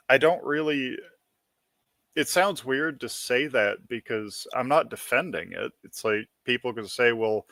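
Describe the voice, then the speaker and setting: A man's voice: mid-range voice, slow, pauses often, a bit bright, no echo. A man as a podcast guest, musing aloud in a thoughtful, self-doubting way that trails off and restarts. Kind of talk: casual podcast chat.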